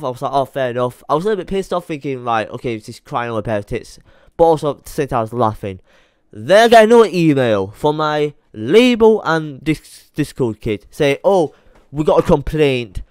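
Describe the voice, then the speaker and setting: A man's voice: on the high side, clean tone, no room sound, studio quality. A young man ranting angrily to his channel, swearing and repeating himself in heated bursts. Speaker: YouTuber. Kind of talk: angry rant to camera.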